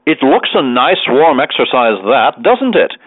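A man reading aloud and voicing a dignified older gentleman who speaks sternly, firmly and with emphasis. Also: mid-range voice, sing-song, unhurried, dry recording. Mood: polite. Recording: tinny dry radio broadcast.

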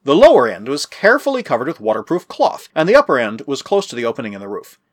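A man narrating an adventure story in a measured, expressive reading. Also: medium pitch, no echo, clean studio sound. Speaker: audiobook narrator.

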